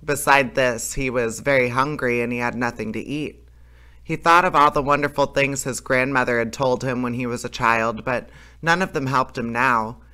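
Bright-voiced man reading a fairy tale. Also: medium pitch, fairly even intonation, moderate pace, clean tone. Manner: plain unpolished reading with small slips and self-corrections. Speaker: storyteller reading aloud.

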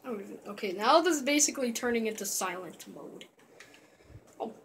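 A man casually commentating a let's-play video, rambling and excitable, often trailing off into mumbled asides. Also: extremely high pitch, brisk, a little hiss or hum. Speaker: gameplay commentator.

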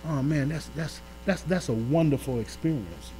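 A man pastor preaching a sermon in a colloquial, call-and-response manner, shifting between loud emphatic swells and quiet asides. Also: fairly high pitch, normal speed, a little hiss or hum, poor audio. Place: church during a live-streamed Bible study.

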